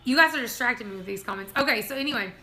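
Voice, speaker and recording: A woman's voice: a little high, racing, bright, forceful tone, soft background music. A woman, hosting a casual livestream and telling family stories, laughing often as she talks. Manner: giggly, laughs through her own stories. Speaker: livestream host.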